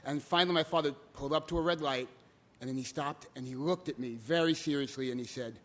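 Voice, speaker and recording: Animated high-voiced male storyteller. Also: quick pace. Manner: animated, comic. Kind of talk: live storytelling.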